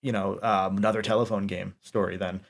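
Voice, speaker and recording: A man's voice: low voice, flat delivery, a little fast, creaky. A man hosting a casual interview, talking at length with many fillers and restarts. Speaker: interviewer, podcast host.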